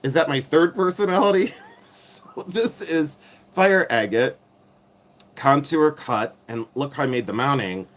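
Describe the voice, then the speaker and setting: A man's voice: on the high side, unhurried. A middle-aged man with a nasal voice hosting a casual jewelry livestream, rambling and teasing himself while reading chat aloud. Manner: rambling, self-mocking, reads chat aloud. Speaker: livestream host reselling vintage jewelry.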